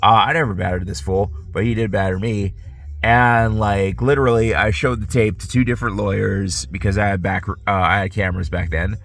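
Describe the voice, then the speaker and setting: A man's voice: fairly low pitch, steady tone, brisk, creaky, a bit bright. A man with a stuffy nose, drowsy, rambling in a profane casual monologue full of fillers and restarts, recorded outdoors on a phone. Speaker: vlogger.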